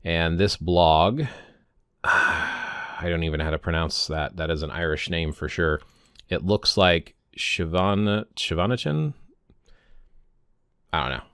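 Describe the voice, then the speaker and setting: A man's voice: very deep voice, fairly even intonation, measured pace, bright, forceful tone, clear, resonant tone, no echo, studio quality. A man in his fifties talking casually to camera in a vlog, rambling and often stopping to correct himself. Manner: rambling, self-correcting, stumbles on words. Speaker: pagan vlogger.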